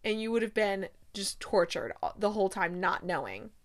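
A woman voicing a calm young man who gently reassures his partner in a soft, hushed voice. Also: mid-range voice, normal speed, pitched below the performer's own voice, lightly acted. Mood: soothing.

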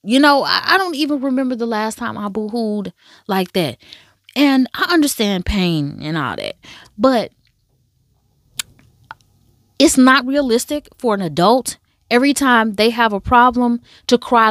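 A woman in a casual, animated chat reviewing a drama series, telling the story with slang and asides. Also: a little high, a little slow, no room sound, clean studio sound.

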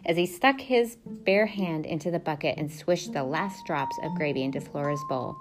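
A woman narrating a children's storybook aloud in an expressive, steady manner. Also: low-pitched, moderate pace, hardly any pauses. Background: music.

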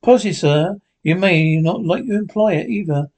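A man voicing an excitable, talkative gentleman squire in a classic novel read aloud, eager and a bit blustering. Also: high voice, moderate pace.

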